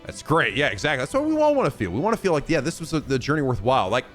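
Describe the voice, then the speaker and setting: A man hosting a gaming video, reacting to news in a loose, profane, excitable way and laughing often. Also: mid-range voice, rapid-fire, soft background music. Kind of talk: casual reaction commentary.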